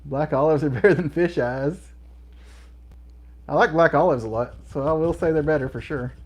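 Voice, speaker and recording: A man's voice: a little high, normal speed. A middle-aged man hosting a livestream, chatting casually and laughing often as he reads viewer comments. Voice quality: laughs often between remarks. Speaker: livestream host.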